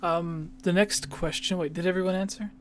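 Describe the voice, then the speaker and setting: Host, medium pitch, easygoing delivery, reads audience questions. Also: moderate pace, slight background noise. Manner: relaxed, reads listener questions aloud. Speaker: podcast host. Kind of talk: casual podcast chat.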